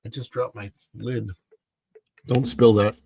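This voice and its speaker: Middle-aged male livestream host, sleepy, rambling chat, gravelly tone, dry close clip-on mic. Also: mid-range voice, flat delivery, a little mellow, no room sound. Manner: chatty, rambling, sleepy and unhurried, with fillers. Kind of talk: casual livestream chat, reading viewer comments. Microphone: clip-on mic under his face.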